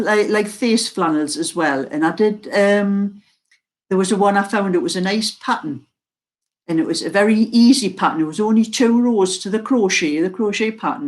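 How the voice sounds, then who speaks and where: An older woman from North East England, with a mild Geordie accent and a medium-pitched voice, hosts a knitting channel. She chats slowly and casually to her viewers and laughs often.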